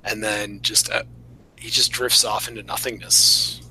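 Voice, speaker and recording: A man with a bright, crisp-edged voice muses thoughtfully in casual talk, picking apart ideas and chuckling now and then. Faint noise hums underneath. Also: lowish voice, level tone, unhurried, rough recording. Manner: reflective, analytical, chuckling. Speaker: podcast co-host. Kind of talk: casual chat.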